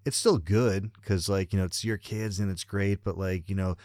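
Low-voiced man rambling through movie chat. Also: steady tone, normal speed, a little mellow, dry recording, clean studio sound. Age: parent of children. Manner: rambling, heavy on "you know" and "like" fillers. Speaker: podcast co-host.

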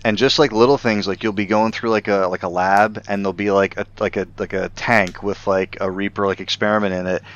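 A man with a low, smooth voice chatting eagerly about a game. He piles on fillers and restarts as his enthusiasm runs ahead of him. The sound is a little dull, as if from a lo-fi recording. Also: steady tone, fairly quick, hardly any pauses, a bit bright. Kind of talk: casual gaming chat.

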